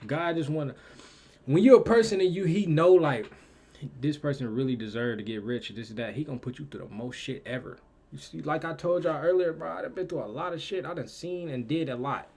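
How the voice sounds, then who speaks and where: A man's voice: a little high, expressive, a little fast, creaky, darkish tone, breathy edge. A young man hosting a reaction video, commenting in a slangy, emphatic way and drifting into preachy asides.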